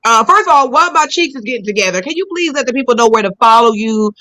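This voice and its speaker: A woman's voice: fairly high pitch, expressive, quick pace, a crowd in the background, poor audio. A woman hosting a talk show over a video call, teasing her guest and laughing heartily in casual comedic chat.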